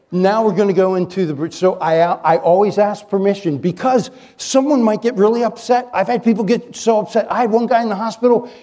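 A male pastor preaching a sermon, telling stories in an animated, joking way as he coaches his listeners. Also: high-pitched. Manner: animated, jokey storyteller who coaches the audience. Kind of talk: sermon with storytelling.

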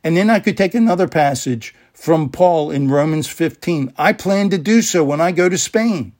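Male preacher, slightly high voice, emphatic sermon delivery with repeated key words. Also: lively intonation, normal speed, darkish tone.

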